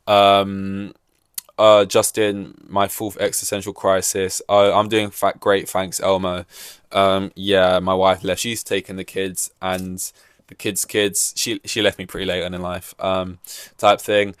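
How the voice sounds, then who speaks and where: A man's voice: low-pitched, flat delivery, measured pace, smooth, no room sound, clean studio sound. Rambling man podcasting solo. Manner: rambling, jokey, acts out quoted voices. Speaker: podcast host.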